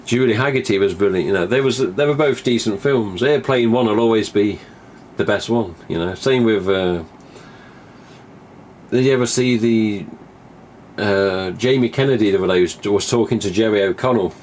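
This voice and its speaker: A man's voice: fairly low pitch, normal speed, a little mellow, a little hiss or hum. A man, hosting a live stream in a rambling, casual monologue, swearing freely and acting out remembered conversations. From England. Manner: chatty, swears casually, acts out remembered dialogue.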